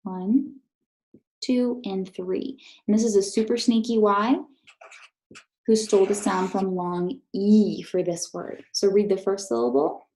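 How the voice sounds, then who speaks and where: A woman's voice: mid-range voice, fairly even intonation, a little slow, warm tone, poor audio. A woman teacher giving a recorded math lesson to third graders, patient and encouraging, speaking straight to her students.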